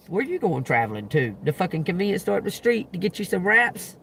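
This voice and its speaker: Guy on a livestream, high gravelly voice, cussing up a storm. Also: brisk, few pauses. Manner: profane, animated storyteller with loud outbursts. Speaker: tarot reader livestreamer. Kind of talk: casual livestream rant.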